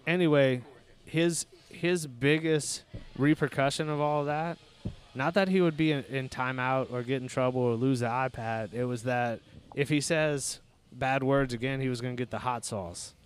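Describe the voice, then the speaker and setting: A man's voice: medium pitch, fairly even intonation, normal speed, clear, resonant tone. A man tells stories about his kids on a casual podcast. He swears freely and keeps things loose and joking. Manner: profane storytelling, loose and joking. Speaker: podcast host, father.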